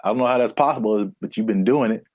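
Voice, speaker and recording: A man co-hosting a casual podcast, laid-back and quick to laugh, recorded close on a studio mic. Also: lowish voice, dry recording, lo-fi sound. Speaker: podcast co-host.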